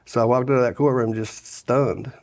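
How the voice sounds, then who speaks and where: A middle-aged man, telling his life story in a casual interview, rambling with many restarts and "you know"s. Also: mid-range voice. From Sevier County, Tennessee. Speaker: guest sharing his testimony.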